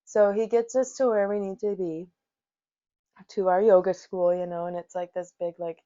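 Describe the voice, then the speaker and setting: A woman in her thirties, a podcast host telling a story in a chatty, animated way, full of "like" and laughs. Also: fairly low pitch, normal speed, muffled recording. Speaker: podcast host, yoga teacher. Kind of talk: casual storytelling.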